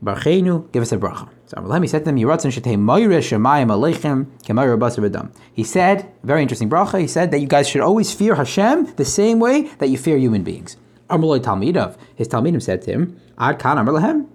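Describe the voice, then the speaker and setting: A man's voice: mid-range voice, big pitch swings, fast, a little mellow. A man teaching a Talmud class casually, reading each line and explaining it in plain talk with frequent restarts and asides. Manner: translates line by line, restarts phrases, conversational asides.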